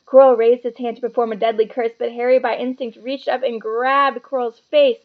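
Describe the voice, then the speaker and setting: A woman reads a children's fantasy book aloud with dramatic expression. Her voice is fairly high with a gravelly edge, and the recording sounds slightly muffled and lo-fi. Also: little pitch movement, moderate pace, hardly any pauses. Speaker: storybook reader.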